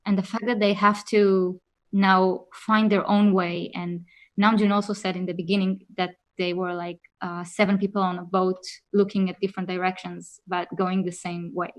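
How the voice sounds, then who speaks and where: A woman's voice: lowish voice, flat delivery, moderate pace. Earnest woman in casual chat. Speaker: podcast co-host.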